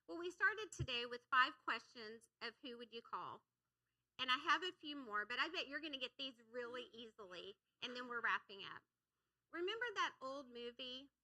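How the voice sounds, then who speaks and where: Bright high-voiced woman preaching. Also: rough recording. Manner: energetic, coaxing the congregation. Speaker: church speaker. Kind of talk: sermon with audience call-and-response. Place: church sanctuary.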